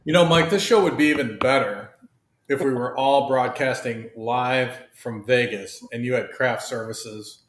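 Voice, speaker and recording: A man's voice: medium pitch, unhurried, roomy sound. A man co-hosting a live online show, teasing the others bluntly in casual chat. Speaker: co-host.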